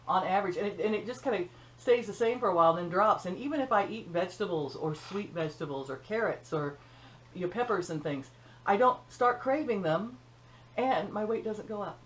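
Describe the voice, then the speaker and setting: A woman's voice: medium pitch, moderate pace, a little hiss or hum, rough recording. An older woman hosting her own cooking channel, talking in a folksy, chatty way with joking asides, from her home kitchen. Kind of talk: casual chat.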